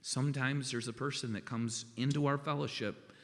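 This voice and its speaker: A man's voice: medium pitch, fairly even intonation, normal speed. A man preaching a sermon in a folksy, conversational way, often checking in with "okay?". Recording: long reverb of a large hall.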